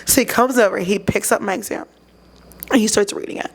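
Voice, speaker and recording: A woman, a guest, telling a story in casual chat, animated and quoting people in lively voices. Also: mid-range voice, a little fast, gravelly. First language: English.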